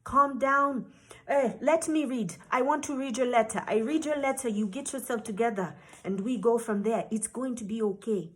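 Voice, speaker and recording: A woman voicing a kind, caring woman immigration official who speaks softly and soothingly. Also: on the high side, normal speed, close to an everyday voice. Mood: soothing, hushed. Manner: soft, soothing, hushed.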